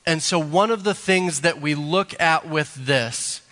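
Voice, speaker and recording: A male pastor, preaching a sermon slowly and deliberately, building to emphatic rises. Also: fairly high pitch, sharp tone. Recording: long hall reverb.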